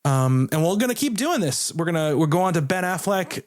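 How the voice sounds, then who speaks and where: A man's voice: a little high, very animated, a little fast. A man co-hosting a casual film podcast, talking loosely with fillers and restarts. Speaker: podcast co-host.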